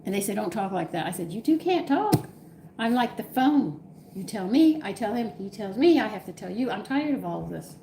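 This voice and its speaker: Brisk and sing-song, this older woman from Texas chats with viewers on her home cooking live stream, sharing exasperated tales from home with laughs. Her medium-pitched voice has a dark tone, and there's slight background noise.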